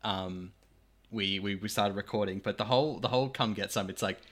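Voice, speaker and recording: A man co-hosting a podcast, talking excitedly about a film and laughing often. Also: on the low side, a little fast. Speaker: podcast co-host. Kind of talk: casual movie chat.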